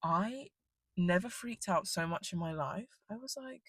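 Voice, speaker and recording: A woman's voice: lowish voice, animated, measured pace, fairly bright tone, no echo. A young woman, rambling casually through a storytime in her car and swearing freely. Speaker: vlogger.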